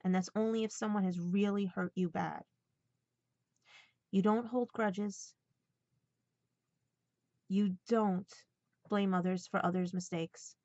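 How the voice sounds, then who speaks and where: A woman speaking in a heartfelt personal vlog, earnest and halting at times as she passes on a message. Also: mid-range voice, fairly even intonation, a little mellow, no room sound, dull audio. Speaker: vlogger.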